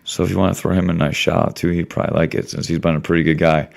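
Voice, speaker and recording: A man hosting a podcast, gently coaxing and encouraging his young guest in a plainspoken, casual way. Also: low-pitched, flat delivery, rapid-fire, creaky. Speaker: podcast host. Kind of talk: casual interview.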